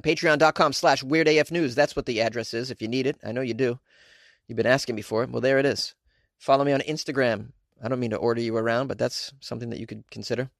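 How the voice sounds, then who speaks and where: Male podcast host, mid-pitch, joking and rambling, laughs a lot, dry close-mic sound. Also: vocal fry, dry recording. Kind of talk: casual podcast monologue.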